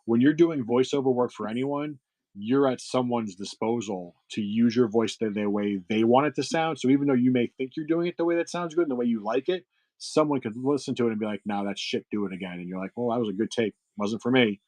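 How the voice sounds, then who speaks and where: A man's voice: mid-range voice, a little fast, darkish tone, low-quality recording. A middle-aged man hosting a livestream sale, chatting casually with viewers, rambling with lots of fillers and restarts. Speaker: livestream seller host.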